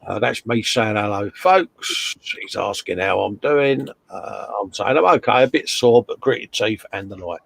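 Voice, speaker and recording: Gravelly, matey man. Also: on the low side, a little slow, hardly any pauses. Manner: jokey, matey banter, calls everyone mate and fella. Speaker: co-host of a live modelling chat stream. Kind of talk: casual live-stream chat, reading out viewer comments.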